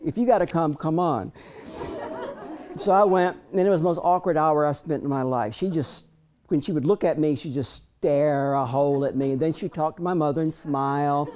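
A man in his fifties tells personal stories to a room. His voice is warm and mellow, and he talks in a folksy, frank manner, often restarting his sentences. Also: a little high, fairly quick. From Southern US. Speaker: speaker reading from his memoir. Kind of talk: storytelling talk.

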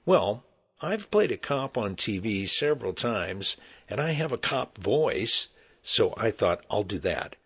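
A middle-aged man, an actor, telling a personal story in an animated, conversational way. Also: lowish voice, slow pace, slightly rough.

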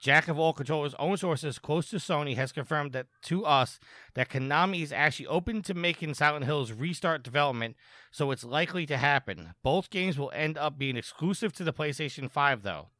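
A man's voice: a little high, lively intonation, pushed and bright, no room sound. A man co-hosting a podcast, reading gaming news and then joking with the others in a casual chat. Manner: reads news quickly, then jokes around. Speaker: podcast co-host.

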